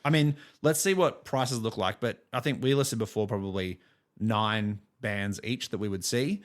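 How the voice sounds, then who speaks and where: A man's voice: fairly low pitch, moderate pace. Dry, teasing young man. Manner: dry, teasing, laughs easily. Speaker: podcast co-host. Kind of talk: casual chat.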